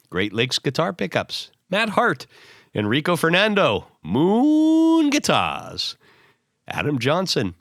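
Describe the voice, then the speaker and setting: Hoarse, playful male podcast co-host. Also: a little high, pushed and bright, no room sound, clean studio sound. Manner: playful, reads a long list of names. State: hoarse with bronchitis. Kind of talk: casual chat.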